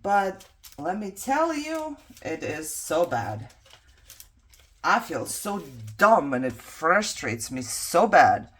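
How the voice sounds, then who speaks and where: A woman chatting casually while she crafts at home. She laughs often and drops to quiet muttering as she works. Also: medium pitch, breathy edge. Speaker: craft journaling vlogger.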